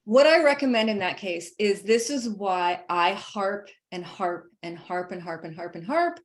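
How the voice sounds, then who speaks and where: A woman dog trainer talking through leash training in a casual, lively way, laughing often and hammering her points with emphatic asides. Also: medium pitch, unhurried. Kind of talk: casual instructional chat.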